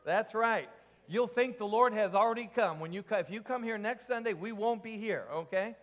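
High-voiced male pastor in a reverberant hall. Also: moderate pace, a bit bright. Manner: jokey, asks the congregation questions. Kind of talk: sermon.

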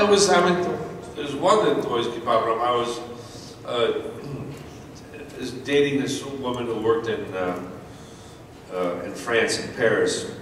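An American man in his sixties telling a rambling, animated story with laughs and restarts as a guest on a convention panel. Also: medium pitch, slight background noise. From United States. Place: large convention hall. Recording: echoey hall audio from far off.

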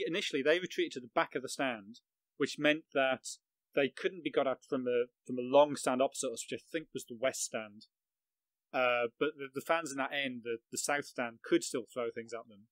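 A man's voice: medium pitch, normal speed, a bit bright, no echo, poor audio. A middle-aged man from England recounting a match he covered as a journalist, vivid and self-mocking, laughing at his own story. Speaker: football journalist, guest. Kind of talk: anecdotal storytelling on a podcast.

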